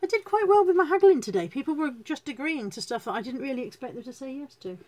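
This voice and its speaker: A woman's voice: high voice, animated, fast, background noise. A woman chatting casually to viewers on a live stream, self-deprecating and greeting people as she goes. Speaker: reseller hosting a live stream.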